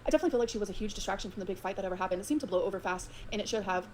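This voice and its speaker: A woman's voice: medium pitch, very fast, a little mellow, a little hiss or hum. A woman ranting to her viewers, profane and emotional, swinging between grievance and sarcasm. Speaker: streamer ranting on her own stream. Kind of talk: rapid unfiltered rant.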